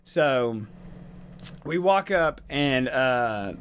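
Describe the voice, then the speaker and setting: A man's voice: mid-range voice, lively intonation, drawn-out words, a little hiss or hum. A man co-hosting a podcast, telling a rambling, profane story in casual chat and laughing often. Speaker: podcast co-host.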